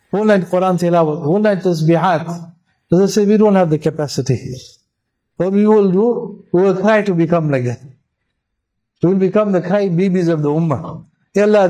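High-voiced, mellow male preacher. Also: rough recording. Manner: impassioned, repetitive exhortation. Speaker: mufti preaching. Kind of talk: sermon.

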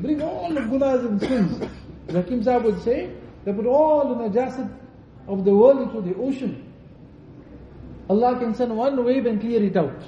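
Fervent high-voiced male preacher, echoey hall. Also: animated, normal speed, slight background noise. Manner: fervent, pleading, repetitive invocations. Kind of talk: Ramadan night sermon and supplication. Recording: distant echoey lo-fi mosque recording.

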